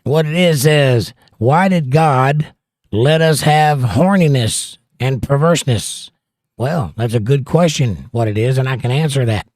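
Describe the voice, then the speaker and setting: A man's voice: mid-range voice, measured pace, a little mellow, no room sound, studio quality. A middle-aged man with a Southern accent, hosting a livestream and joking as he reads viewer comments aloud. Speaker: livestream host. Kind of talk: casual chat.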